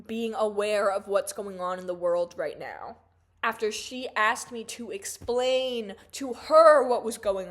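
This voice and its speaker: A woman in her twenties telling a story in a casual, profane rant, full of "like" and "um" fillers. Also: mid-range voice. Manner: chatty, profane, animated, lots of "like" fillers. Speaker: vlogger.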